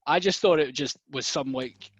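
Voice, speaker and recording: A man's voice: mid-range voice, moderate pace, breathy edge, no echo. A man in casual podcast banter, teasing the others and often stumbling over repeated words.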